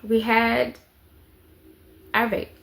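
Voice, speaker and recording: A woman's voice: on the high side, level tone, takes it slowly, creaky, a bit bright. Chatty mother telling a story. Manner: chatty, repeats phrases for emphasis. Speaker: vlogger, mother of four. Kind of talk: casual storytelling to camera.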